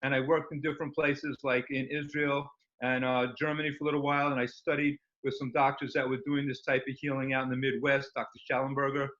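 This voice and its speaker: A man's voice: medium pitch, little pitch movement, fast, a bit bright. A man speaking as an interview guest, rambling and enthusiastic with many fillers. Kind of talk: casual interview talk. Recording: dull lo-fi recording.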